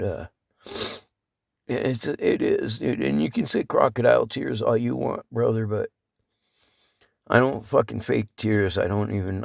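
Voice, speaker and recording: A man vlogging through tears, swearing and rambling, his voice cracking and breaking high as he speaks from the heart. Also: creaky, dry recording, studio quality. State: crying. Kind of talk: emotional casual vlog talk.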